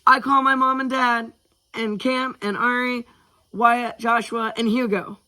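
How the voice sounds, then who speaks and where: A man voicing an energetic young girl who shouts with excitement in a storybook reading. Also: very high voice, a little slow, pitched above the performer's own voice, exaggerated voice. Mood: excited. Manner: excited yelling.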